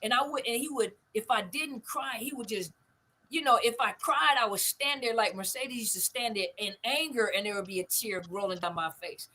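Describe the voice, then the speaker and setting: A woman's voice: fairly high pitch, moderate pace, sharp tone, rough recording. An older woman, hosting a family conversation and telling stories with emphatic repetition. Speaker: host.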